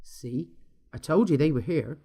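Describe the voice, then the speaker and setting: A man voicing a small, friendly Irishman who talks in a soft, relaxed and knowing way. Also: fairly high pitch, slightly rough, full character voice. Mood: calm, knowing. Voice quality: soft-spoken. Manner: relaxed, unhurried.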